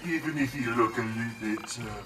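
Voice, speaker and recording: A man's voice: medium pitch, brisk, reverberant, lightly acted. A man voicing a cheery male inflatable garden gargoyle with a folksy Scottish accent in a game. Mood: friendly. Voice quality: folksy, brogue-heavy. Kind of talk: game voice acting. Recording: distant voice over loud game music.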